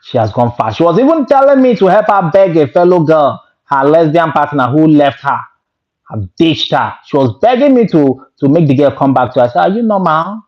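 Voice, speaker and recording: A man telling a story in a fairly high voice, animated and exclaiming and moralizing to his viewers. The recording sounds dull and lo-fi. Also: brisk. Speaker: vlogger. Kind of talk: storytelling monologue.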